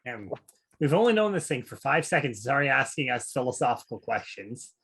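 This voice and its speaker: Wry, husky male player. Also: mid-range voice, big pitch swings, a little fast, a bit bright. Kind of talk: tabletop role-play chat.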